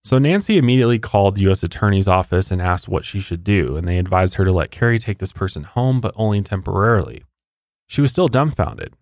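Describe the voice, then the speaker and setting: A man's voice: deep voice, animated, quick pace, darkish tone, no room sound, clean studio sound. A man hosting a podcast, telling a true-crime story in a casual, conversational way with incredulous asides. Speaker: podcast host.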